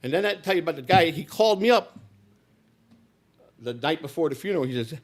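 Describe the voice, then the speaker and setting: A man's voice: a little high, expressive, fast talker, pauses often. A man telling a personal story in a live speech, blunt and profane, with frequent restarts. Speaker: speaker.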